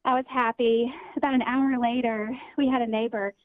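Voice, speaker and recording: A woman's voice: fairly high pitch, steady tone, normal speed, no echo. A woman calling in to a radio show from a phone, telling a story in a chatty, amused way. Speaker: caller. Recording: tinny phone line.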